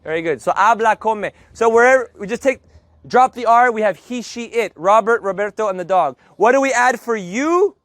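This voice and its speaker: High-voiced, joking male Spanish teacher. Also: normal speed, dry recording. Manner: joking, energetic, drills words loudly for students to repeat. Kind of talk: live group language lesson. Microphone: loudspeaker mic.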